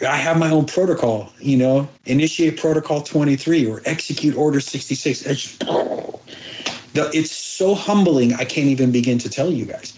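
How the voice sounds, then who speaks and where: A middle-aged actor in an interview, telling emotional stories earnestly, halting with many restarts and quoting others' dialogue. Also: male voice, on the high side, a little mellow, muffled recording, slight background noise. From abroad, moved to the United States as a child. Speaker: actor guest.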